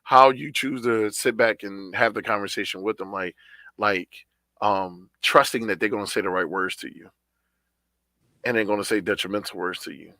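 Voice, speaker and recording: A man's voice: lowish voice, moderate pace, sharp tone, dry recording. A man co-hosting a podcast, talking in a laid-back, slangy, conversational way. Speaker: podcast co-host.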